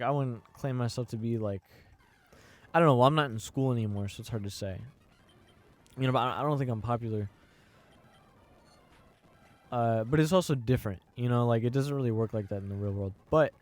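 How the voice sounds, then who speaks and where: Rambling young man, casual podcast talk. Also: mid-range voice. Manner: rambling, full of fillers and restarts. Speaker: podcast host. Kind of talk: casual chat.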